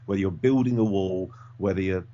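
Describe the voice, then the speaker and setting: A man's voice: deep voice, fairly quick, mellow. A man co-hosting a podcast, ranting bluntly and emphatically in casual chat. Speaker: podcast co-host reading feedback. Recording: slightly dull audio.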